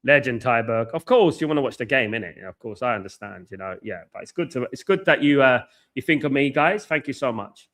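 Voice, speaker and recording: Talking through a headset mic, this medium-pitched host of a football watchalong is a married man who speaks quickly and with passion. His casual stream chat is buzzing and repetitive, packed with shout-outs and chat messages read aloud.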